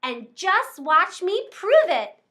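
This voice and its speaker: A bratty little gingerbread cookie boy chants his taunts in a high, bright, sing-song voice, as a woman reading a storybook puts him on. He sounds pleased with himself and loud. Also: sing-song, slow pace, full character voice. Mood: gleeful taunting.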